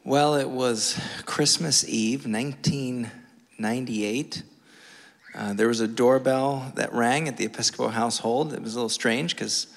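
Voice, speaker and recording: A man preaching a sermon from a church, telling a funny personal story with lively, self-mocking energy. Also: medium pitch, gravelly. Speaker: pastor. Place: church sanctuary. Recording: long reverb of a church hall.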